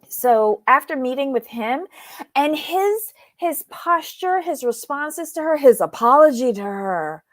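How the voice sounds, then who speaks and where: A woman with a fairly high voice talks slowly and casually through her show recap. She rambles, fills gaps with ums and starts sentences over. The recording is dry and close. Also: expressive, no echo. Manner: chatty, rambling with fillers and restarts. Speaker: podcast co-host.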